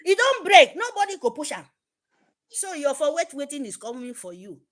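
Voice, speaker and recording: Fervent Nigerian woman, high lively voice. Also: moderate pace. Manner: fervent, emphatic, repetitive. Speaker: activist speaker. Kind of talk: impassioned address to supporters.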